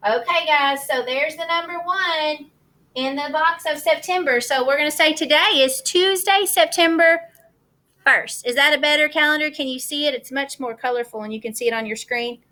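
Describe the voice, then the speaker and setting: A woman's voice: high voice, normal speed, bright, forceful tone. A woman teaching kindergarten over a video call, cheerful and sing-song, coaxing young children through the morning meeting. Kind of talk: online class morning meeting.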